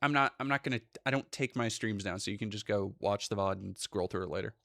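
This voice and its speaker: A man's voice: fairly low pitch, fast, creaky, dry recording, studio quality. A young man streaming live, talking casually with lots of swearing and rambling asides. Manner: profane, animated, rambling.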